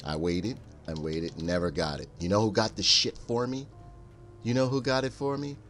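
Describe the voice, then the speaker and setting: A man streaming a game, joking and cursing in an animated, storytelling way. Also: lowish voice, moderate pace, faint music behind. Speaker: gaming streamer. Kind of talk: casual let's-play commentary.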